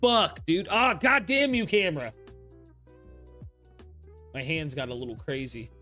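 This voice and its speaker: A young man reacting live to a comic chapter. He is excitable, swears often and talks to his chat. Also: a little high, a little slow, faint music behind.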